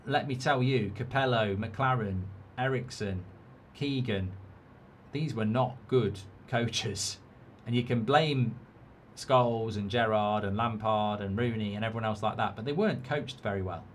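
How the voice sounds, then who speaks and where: A man's voice: on the low side, a little slow, slight background noise. A middle-aged man from England hosting a live football watchalong. He is blunt and opinionated, swears casually and reads out viewer comments.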